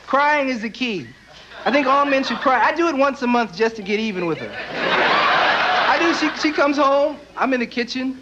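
Very high-voiced young stand-up comic. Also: male voice, normal speed, background noise. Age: young adult. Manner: deadpan asides, sudden silly character voices. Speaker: stand-up comedian. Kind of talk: stand-up comedy routine. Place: TV studio stage before live audience. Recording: dull VHS broadcast audio with loud audience.

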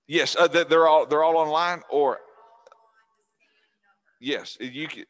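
A man's voice: on the high side, slow pace. A middle-aged man giving a casual, folksy talk to a class of seniors, chatty with restarts. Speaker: guest speaker on scam prevention.

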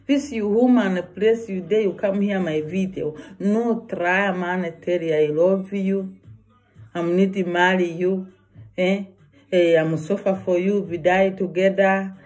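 Slow, earnest woman vlogger. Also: fairly low pitch, fairly even intonation, a little mellow. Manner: earnest, repetitive, broken English. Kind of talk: personal warning vlog.

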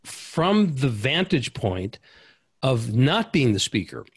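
A man's voice: medium pitch, very animated, takes it slowly, slightly rough, no echo. A man hosting an interview, reflecting aloud in searching phrases. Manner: thoughtful, searching phrasing with restarts. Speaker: interview host. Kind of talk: conversational interview over video call.

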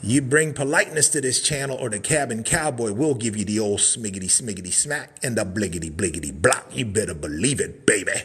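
A man's voice: fairly low pitch, a little fast, hardly any pauses, fairly bright tone. A man, hosting a hyped live tour of a wooden cabin, full of hype-man catchphrases and sudden whoops. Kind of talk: hyped live sales stream. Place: indoors in a wooden cabin, moving around.

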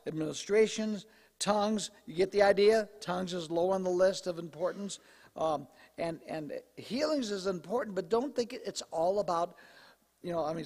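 A man preaching from the pulpit, his pitch sitting high for a male voice and a little hoarse. He talks to the congregation in a loose, joking way. The sound carries the long reverb of a church sanctuary. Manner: conversational, joking asides. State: slightly hoarse, clearing throat. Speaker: pastor. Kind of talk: sermon.

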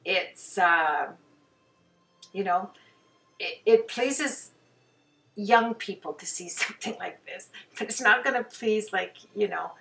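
A woman's voice: medium pitch, slow pace, creaky, long pauses, pushed and bright. Chatty woman painter, slightly distant mic. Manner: chatty, rambling, self-deprecating, many fillers. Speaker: hobby painter. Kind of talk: casual voice-over about her own painting.

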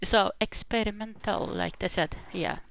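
A woman's voice: medium pitch, steady tone, moderate pace, vocal fry, noisy background. A woman hosting casual gameplay commentary, chatty and exclaiming, talking back to the characters on her screen. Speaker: gaming channel host.

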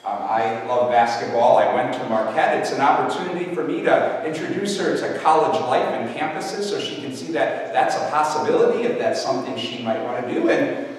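Older priest preaching in an echoey church. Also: male voice, medium pitch, lively intonation, fairly quick, slight background noise. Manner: storytelling, warm anecdotal with restarts. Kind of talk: sermon. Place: large church. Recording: echoey church hall from a distance.

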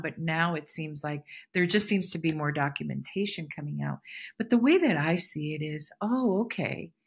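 Woman podcast host, husky lower voice, reflective spiritual solo musing. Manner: reflective, spiritual musing that circles back and repeats phrases. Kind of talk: casual solo podcast monologue.

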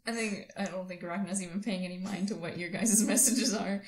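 A woman's voice: mid-range voice, steady tone, normal speed, echoey room. A woman playing a tabletop game who speaks in a giggly, playful way. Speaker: player.

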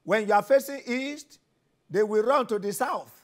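A man's voice: high-pitched, moderate pace. A man with a Nigerian English accent preaching and leading prayer, fervent and repetitive, building into commanding declarations. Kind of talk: sermon and prayer session.

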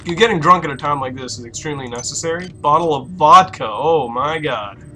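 A young man narrates his horror game playthrough in a bright, forceful, slightly high voice. He swears freely and jumps into loud outbursts when startled. Faint game music plays under his talk. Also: fairly quick. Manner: loud, profane, jumpy reactions. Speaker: gaming YouTuber. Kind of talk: horror let's play commentary.

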